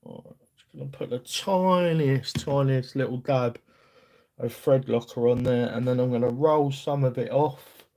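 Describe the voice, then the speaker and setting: Slow, gravelly London-accented man. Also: medium pitch, mellow. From England. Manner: rambling, chatty, self-deprecating, talks to viewers while working. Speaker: streamer. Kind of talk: casual live-stream chat while working on a workbench.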